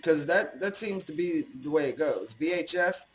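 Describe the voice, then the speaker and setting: A man's voice: a little high, expressive, moderate pace, a bit bright, a little hiss or hum, low-quality recording. A young man rambling casually as host of his own commentary, swearing and joking at himself.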